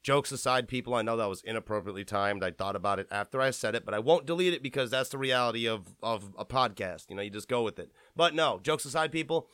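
Man, podcast host, profane rambling rant, sharp tone, dry close sound. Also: mid-range voice, quick pace, few pauses, clear, resonant tone, no room sound.

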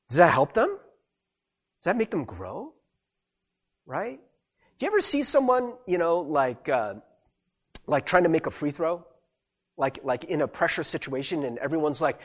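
A middle-aged male pastor gives a chatty sermon with a husky, slightly breathy voice. His pitch sits a bit high for a man and swings widely as he acts out what people say. His manner is animated and conversational. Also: a little slow, long pauses.

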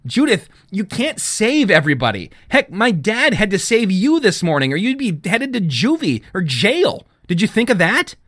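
A man's voice: sits high, sing-song, normal speed, hardly any pauses, fairly bright tone, no echo, clean studio sound, voice pushed up, full character voice. A man voicing Trent, an anxious, earnest teenage boy who pleads and worries. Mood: worried.

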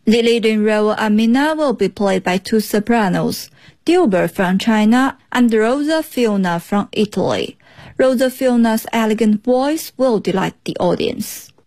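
A woman's voice: fairly high pitch, measured pace. Woman reading a news report. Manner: even, clear read delivery. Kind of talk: scripted news narration.

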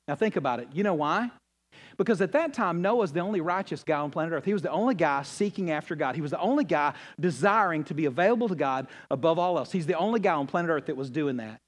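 A man preaching a sermon in a folksy, conversational way, acting out quoted voices and swinging from loud high bursts to low hushed lines. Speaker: pastor.

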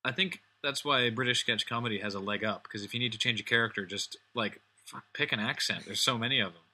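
A man's voice: medium pitch, fast talker, pushed and bright. A man co-hosting a casual podcast chat, joking around and slipping into comic accents. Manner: jokey, slips into comic accents. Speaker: podcast co-host.

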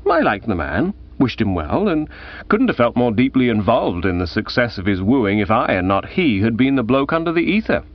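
A man narrating a first-person comic novel in a lively, arch storytelling manner. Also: normal speed. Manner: lively, arch storytelling with wide pitch swings. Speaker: audiobook narrator. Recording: dull lo-fi audiobook recording.

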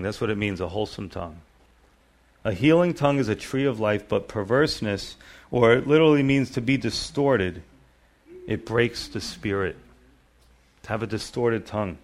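A middle-aged male pastor giving a sermon, reading scripture aloud and explaining it in a conversational manner. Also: a little high.

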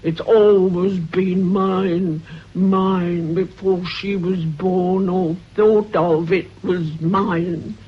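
A spiteful old woman who schemes and mutters threats, slow and husky in her delivery. This is a vintage radio play, its sound dull and lo-fi. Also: lowish voice, steady tone, heavily acted. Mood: muttering, vengeful. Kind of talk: radio drama acting.

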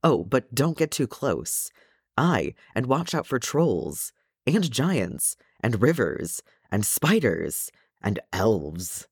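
A man voicing a chatty, anxious male dwarf who rattles off worries quickly. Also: medium pitch, very animated, husky, dry recording, studio quality, pitched above the performer's own voice, heavily acted. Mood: worried. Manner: quick, fretting, listing.

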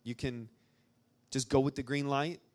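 A young Arkansas man addresses a church gathering in a mid-range voice, flat and a little slow. His talk to the live audience is informal, a rambling story thick with fillers.

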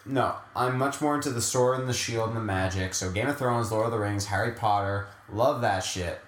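A man's voice: on the low side, normal speed. A young man co-hosting a podcast, rambling in a casual, self-mocking, jokey way. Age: young adult. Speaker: podcast co-host. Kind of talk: casual chat. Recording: echoey room.

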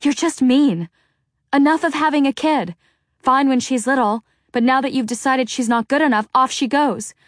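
A woman voicing a defiant, wild teenage girl who speaks loudly and indignantly, in an audiobook. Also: a little high, quick pace, few pauses, no echo, clean studio sound, pitched above the performer's own voice, natural voice. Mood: furious.

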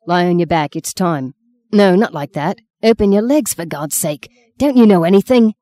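A woman's voice: fairly low pitch, animated, moderate pace, darkish tone, lightly acted. A woman voicing a blunt, impatient young husband in a spoken novel, curt and commanding. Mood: harsh, impatient.

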